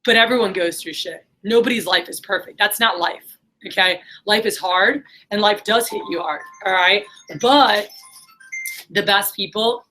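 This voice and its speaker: A woman's voice: mid-range voice, normal speed, bright, forceful tone, soft background music, poor audio. A middle-aged woman talking casually and earnestly to her viewers, rambling with many fillers and pep-talk asides. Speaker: vlogger, business manager.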